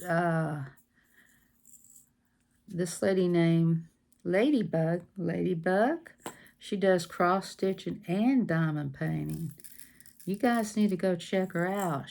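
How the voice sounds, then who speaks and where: A woman hosts a casual craft livestream, working on a diamond painting while she chats, hyper and giggly. Her voice is on the low side, slow and creaky, with a darkish tone. She giggles, sings silly made-up songs and makes animal noises.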